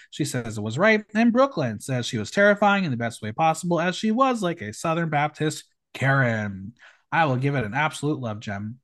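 A man hosts a podcast recap, his voice sitting a little high and leaping all over in pitch. He reads out judges' comments and gives his own verdicts with an emphatic, campy flair. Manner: animated, emphatic, campy delivery. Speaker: podcast host. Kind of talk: casual recap chat, reading judges' comments.

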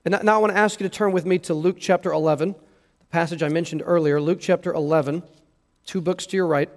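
A man's voice: a little high, fairly even intonation, fast talker. A pastor preaching an earnest sermon, emphatic and repeating words as he stresses his points. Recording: long hall reverb.

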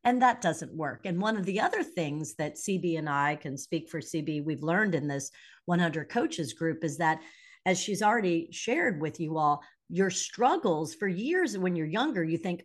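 Lively middle-aged woman telling stories. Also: lowish voice, moderate pace. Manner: animated, acts out quoted dialogue. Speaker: podcast guest, leadership coach. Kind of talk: candid conversational storytelling.

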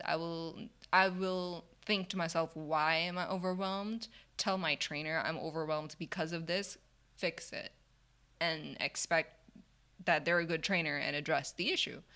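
A woman telling a story in a casual chat, acting out the people she quotes and laughing often. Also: on the low side. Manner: animated, acts out quoted dialogue, laughs often.

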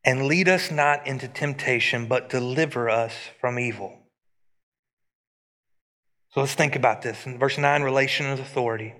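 A man preaching a sermon as pastor, animated and rising and dropping his voice for emphasis. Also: mid-range voice, moderate pace, long pauses. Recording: long hall reverb.

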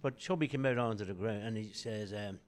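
An older man, a guest musician, telling lively anecdotes in casual chat and swearing freely. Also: lowish voice, a little fast.

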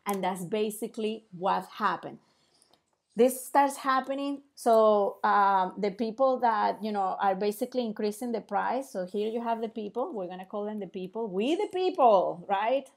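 A woman teaching in a casual explainer style, animated and asking rhetorical questions, acting out little dialogues. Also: medium pitch, normal speed, creaky.

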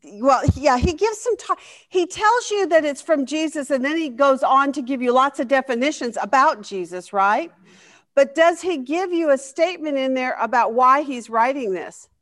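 A woman's voice: high voice, expressive, normal speed, fairly bright tone. A woman leading a Bible study lesson, asking the class questions and reacting with enthusiasm.

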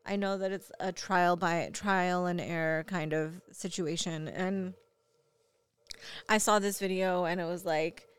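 A woman's voice: lowish voice, steady tone, unhurried, clear, resonant tone. Young mother telling a candid story. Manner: candid storytelling, frequent fillers. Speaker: parent. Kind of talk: casual chat.

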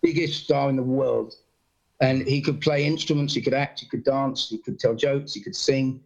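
A man from England chats casually, his voice gravelly with a rough, husky edge. He is an animated storyteller who slips into the voices of the people in his tales. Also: mid-range voice, moderate pace, muffled recording. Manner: animated storyteller, acts out quotes. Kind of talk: casual chat, anecdotes.

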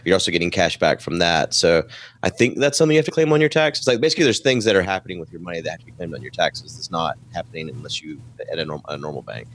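Fast-talking, very deep blunt man. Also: expressive. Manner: blunt, assertive, explaining matter-of-factly. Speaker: podcast panelist. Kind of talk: casual chat.

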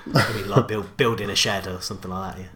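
A man's voice: low voice, steady tone, fast talker, background noise. A man co-hosting a podcast in casual chat, asking dry, teasing questions and laughing along. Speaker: podcast co-host.

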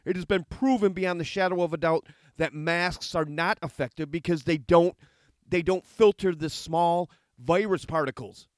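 A middle-aged commentator with a somewhat high voice reads out a letter at a moderate pace and rebuts it sarcastically in a heated, argumentative monologue. The studio recording is clean, with no room sound.

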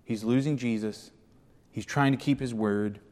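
Pastor acting out scripture with reverb. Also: male voice, mid-range voice, unhurried. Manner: animated, acts out the speakers in the passage. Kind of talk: sermon.

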